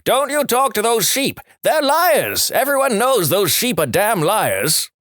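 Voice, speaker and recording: A man voicing a furious male farmer who shouts indignantly in a spoken joke. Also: high voice, wildly swooping pitch, unhurried, dry recording, clean studio sound, voice pushed up, exaggerated voice. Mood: outraged. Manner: yelling, indignant.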